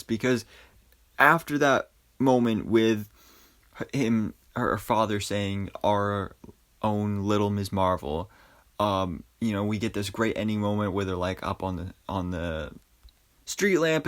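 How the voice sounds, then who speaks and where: Excited young man reviewing an episode. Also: on the low side. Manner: excited, chatty, many fillers. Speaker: YouTube reviewer. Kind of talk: casual commentary.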